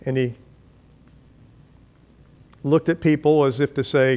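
A man's voice: medium pitch, steady tone, slow pace, darkish tone. A pastor preaching a sermon, telling stories dramatically and acting out the voices of the people he quotes. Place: church.

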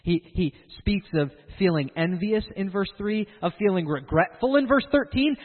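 A man preaching a sermon in an animated way, acting out the voices of the people he quotes. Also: sits high, moderate pace, hardly any pauses, big-room sound, narrow, tinny audio.

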